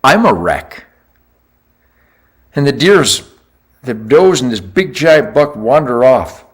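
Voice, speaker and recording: In a measured, mid-range voice, this older man recounts a hunting story as host, casually and with plenty of boasting. He is lively, alternating between booming outbursts and low mutters.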